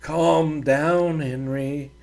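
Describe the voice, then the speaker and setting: A man playing a hard-working ranch wife of the old frontier. She talks bluntly in a slow rural drawl, low and menacing. Her voice has a gravelly grain. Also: steady tone, a little mellow, faint music behind, heavily acted. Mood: firm. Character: tough work-hardened frontier ranch wife.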